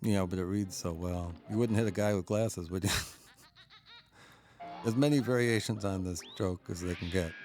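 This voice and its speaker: Low-voiced chuckling film commentator man. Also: a little slow, long pauses, over loud music. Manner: chatty, chuckling often while explaining. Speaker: film historian giving commentary. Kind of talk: DVD audio commentary. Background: faint cartoon soundtrack.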